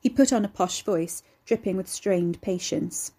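A woman narrating a serialized horror story in a steady, measured way. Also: lowish voice, husky. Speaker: narrator and author. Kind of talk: serialized horror fiction reading.

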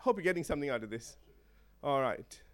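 A man preaching a sermon to a congregation, animated and laughing often, checking in with the listeners. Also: on the high side, fast talker. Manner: animated, laughing, acts out voices of chickens and eagles; asks the congregation for responses.

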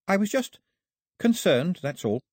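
A man's voice: very animated, unhurried, darkish tone, dry recording, clean studio sound, heavily acted. A man voicing an earnest, polite young English girl. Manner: polite, earnest, raised pitch.

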